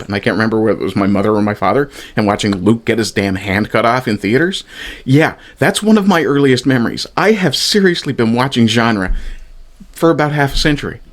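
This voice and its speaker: A man in his fifties giving a sarcastic, exasperated review, swearing often as he rants. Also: lowish voice. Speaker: TV show reviewer. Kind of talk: ranting review commentary.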